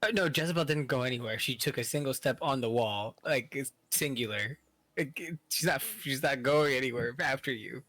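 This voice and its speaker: Male player, bright and forceful tone, dry close mic, rambling casual delivery. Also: mid-range voice, a little fast, no echo. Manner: describes his character's actions loosely, laughs often. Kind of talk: tabletop game play over a call.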